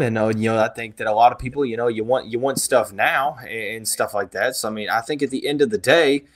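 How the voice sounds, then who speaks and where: A man hosts a sports podcast in an easy, casual way. He talks in a halting but reassuring manner and often restarts his sentences. His voice sits at an average pitch for a man. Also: a bit bright. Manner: reassuring, halting, repeats words. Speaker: podcast host.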